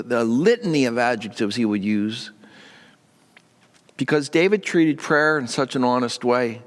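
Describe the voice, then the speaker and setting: A man's voice: mid-range voice, a bit bright, in a large hall. A male pastor giving a short, earnest devotional talk in a conversational tone, lifting his voice when he stresses strong feelings.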